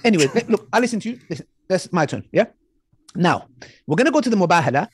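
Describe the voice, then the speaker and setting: A man's voice: sits high, sing-song, quick pace, breathy edge, no room sound. A man debating online, mocking and talking over his opponent, repeating himself to hold the floor. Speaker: online preacher debating an ex-Muslim.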